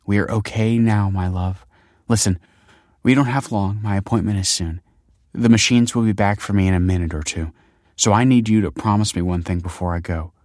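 A man reading an audiobook, voicing a dying woman who speaks softly and tenderly to her husband. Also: fairly low pitch, normal speed, long pauses, dry recording, studio quality, natural voice. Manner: soft, gentle, quavering. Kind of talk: audiobook character voice.

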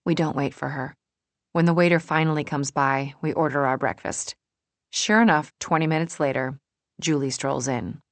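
A woman narrating a first-person novel in a measured, wry way. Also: low-pitched, fairly even intonation, no echo. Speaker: audiobook narrator.

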